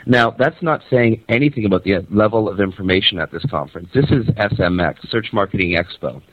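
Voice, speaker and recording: A man on a radio show rambles through an animated story and swears casually. He is phoning in from a hotel conference center. The line sounds tinny and dry, and his voice sits fairly low. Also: brisk, husky, no room sound. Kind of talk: casual phoned-in radio chat. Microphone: phone.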